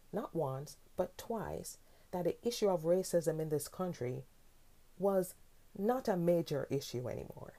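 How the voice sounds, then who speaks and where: A woman hosting a solo podcast in a low-pitched, mellow voice. She speaks earnestly and her passion builds. She presses her listeners with pointed questions. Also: gravelly. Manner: earnest, impassioned, rising to indignant questions. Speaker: podcast host.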